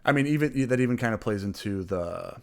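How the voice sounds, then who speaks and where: A man as game master and podcast host, narrating scenes and chatting with animated, laughing energy. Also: mid-range voice, brisk, creaky. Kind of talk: casual chat after an improvised scene.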